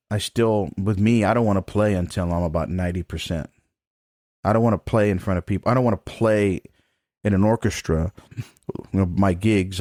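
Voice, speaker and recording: Sitting low and a little mellow, the voice belongs to a middle-aged trombone professor recounting a personal story on a podcast. He's frank and casual, swears freely, and laughs between points. It's a studio-quality recording with no echo.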